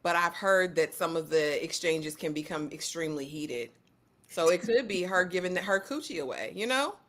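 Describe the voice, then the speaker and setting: Woman podcast host, bright voice, slangy, quick jokes. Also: on the low side, lively intonation. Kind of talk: casual chat.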